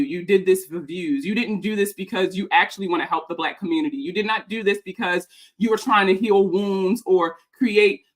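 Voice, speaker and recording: A young woman rants to camera, heated and emphatic, swearing freely. She sounds a little out of breath as she speaks. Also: medium pitch. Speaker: personal finance content creator. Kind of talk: ranting reaction vlog.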